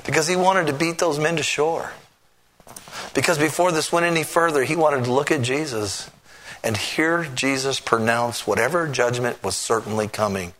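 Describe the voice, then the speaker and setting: Male preacher, bright clear voice, dramatic sermon delivery, hushed to loud. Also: medium pitch, normal speed.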